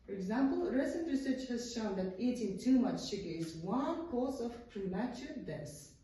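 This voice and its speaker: A woman's voice: on the high side, expressive, normal speed, dark tone, recorded from a distance. A woman teacher with an Uzbek accent giving a classroom lecture, often saying "uh-huh" and checking with students by asking "yes?". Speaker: English teacher. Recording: echoey classroom, voice from across the room.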